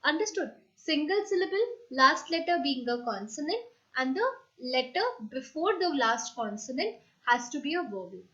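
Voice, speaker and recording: A woman's voice: high-pitched, fairly bright tone. A woman, teaching a grammar lesson patiently, step by step, spelling out letters. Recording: dull lo-fi recording.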